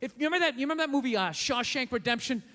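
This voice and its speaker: A man's voice: very high voice, lively intonation, rapid-fire, sharp tone, long reverb tail. A man performing a stand-up comedy set on a live stage mic, blunt, profane and ranting with sarcasm.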